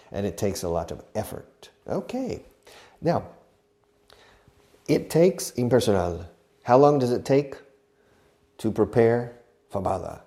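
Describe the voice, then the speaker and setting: A man teaching an English lesson on camera, chatty and animated, asking and answering his own questions and dropping in Spanish asides. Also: lowish voice. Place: filming studio with a camera operator.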